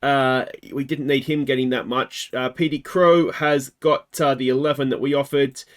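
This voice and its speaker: A man's voice: mid-range voice, steady tone, normal speed. An Australian man hosting a game video, chatting casually and thinking aloud with wry asides. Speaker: gaming video host.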